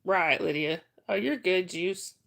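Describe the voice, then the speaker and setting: A woman's voice: fairly low pitch, unhurried, gravelly, fairly bright tone. A middle-aged woman hosting a casual livestream, telling rambling stories and reading chat names aloud.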